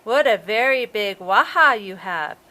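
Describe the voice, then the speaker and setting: Teacher lady doing a little girl asking stuff in a storybook, slow, bright, kinda unsure. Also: mid-range voice, animated. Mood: curious. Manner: wondering, hesitant questions. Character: curious little girl visiting her grandmother.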